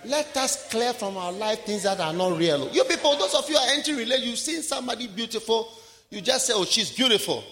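A man preaching a sermon, swinging from shouted lines to hushed asides. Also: very high-pitched, lively intonation, a little fast, big-room sound, crowd noise. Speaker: pastor.

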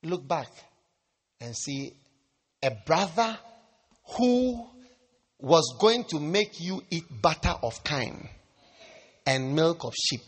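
High-pitched, lively preaching man. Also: husky. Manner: preaching with rising shouts and playful asides. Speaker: pastor. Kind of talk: sermon.

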